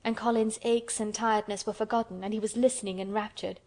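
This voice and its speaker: A woman reading a children's novel aloud as an audiobook narrator, calm and measured. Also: mid-range voice. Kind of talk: scripted narration.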